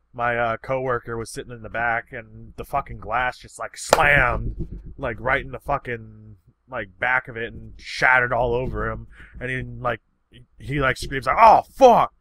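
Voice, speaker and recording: A man's voice: mid-range voice, steady tone, moderate pace, pushed and bright. A man casually answering viewer questions, rambling and swearing freely in an easygoing, unpolished way. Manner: rambling and profane. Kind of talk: casual chat.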